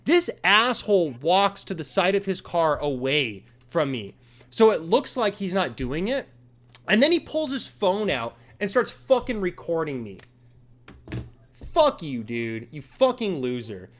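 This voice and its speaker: A man's voice: high voice, unhurried. A man hosting a casual chat, telling an angry story with lots of swearing and acted-out quotes. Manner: profane, animated, acts out quotes. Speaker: podcast host.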